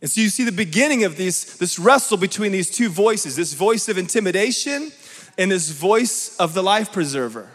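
A man delivers a lively sermon, his fairly high voice ringing with a long reverb through a large hall. He keeps turning to the crowd with quick questions. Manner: animated, asks the crowd "right?" often. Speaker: preacher.

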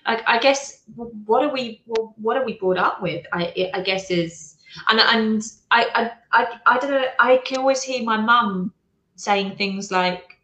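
A woman's voice: fairly high pitch, unhurried, a bit bright. A woman chatting casually as a podcast co-host, thoughtful and earnest, sometimes restarting her sentences. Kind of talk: casual chat. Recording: roomy echo.

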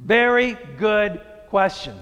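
A male pastor delivering a sermon, preaching slowly and emphatically with drawn-out phrases. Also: sits high, expressive, a bit bright, clear, resonant tone, big-room sound. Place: church sanctuary.

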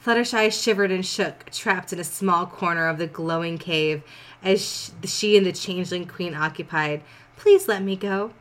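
A woman's voice: lowish voice, normal speed, fairly bright tone. A woman hosting a comedy podcast, dramatically reading fan fiction with wry, joking asides.

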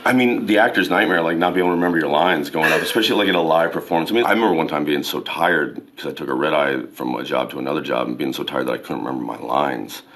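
Deep-voiced rambling American man. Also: racing, few pauses, fairly bright tone. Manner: rambling, heavy on fillers like "you know" and "like". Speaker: actor as interview guest. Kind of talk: casual interview.

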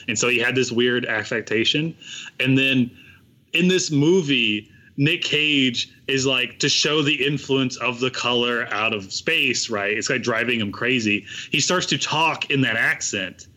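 Bright-voiced rambling young man. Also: medium pitch, moderate pace. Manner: rambling, profane, animated storytelling. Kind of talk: casual podcast chat.

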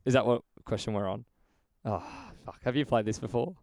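A man running a quick word game with a friend, teasing, laughing and swearing as he goes. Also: mid-range voice, fairly even intonation, a little mellow, dry recording, clean studio sound. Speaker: podcast co-host. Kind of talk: casual game banter.

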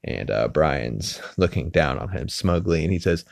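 A man's voice: extremely low pitch, lively intonation, moderate pace, gravelly, dry recording, clean studio sound. A man hosting a podcast, casually recapping a TV episode with many filler words and restarts. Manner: rambling, lots of "uh" fillers. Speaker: podcast host. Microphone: podcast mic.

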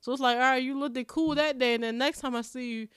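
A young woman from Maryland co-hosts a podcast, chatting casually and bluntly, telling stories and cursing freely. Her voice is high, steady, clear, and resonant, and she talks fast, recorded in clean studio sound with no echo.

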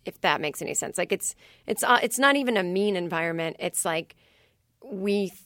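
Woman comedy writer, podcast guest. Rapid, rambling storyteller who acts out quotes. Dry booth sound. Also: fairly low pitch, expressive, fairly bright tone, no echo. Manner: chatty, fast storytelling with many "like"s and acted-out quotes. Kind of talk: casual podcast interview.

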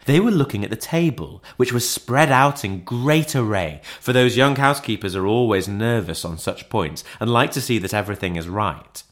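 A man narrating a classic audiobook in an expressive, theatrical way. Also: lowish voice, moderate pace, few pauses.

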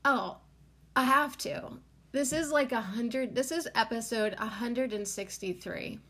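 Her voice is fairly high, a bit bright, slightly rough, and a little slow. Hosting her own podcast, she gives an emotional, rambling monologue full of "like," fighting back tears.

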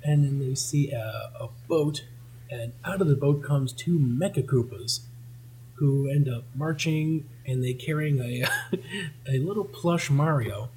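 Male host, husky voice, casual comic read-through with a laugh. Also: mid-range voice, measured pace, a little mellow, low-quality recording. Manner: laughing, joking commentary.

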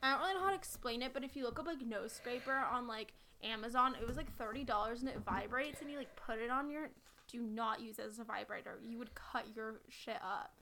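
A young woman with a high, bright voice tells stories in loose, animated podcast chat. She is blunt, swears easily and strings her sentences together with fillers. A faint hiss sits under her voice. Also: brisk. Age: young adult. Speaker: podcast co-host. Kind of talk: casual chat.

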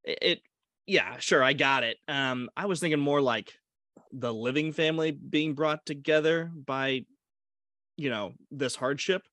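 On a laid-back movie podcast, this co-host speaks in a fairly high, slightly bright voice at an unhurried pace. He's chatty but hesitant, frequently starting sentences over and breaking into laughter. The recording is dry.

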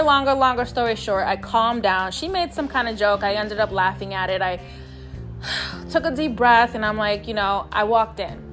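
On her podcast, a New York City woman with a medium-pitched, slightly bright voice tells a personal story. As host, she speaks straight to her listeners in a casual monologue, candid, emphatic and profane, calling them "y'all."

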